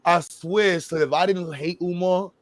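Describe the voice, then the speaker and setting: Animated, cursing male co-host, fairly high voice. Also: unhurried, dry recording. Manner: laughing, swearing, slangy, animated. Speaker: podcast host. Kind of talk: casual comedic reaction talk.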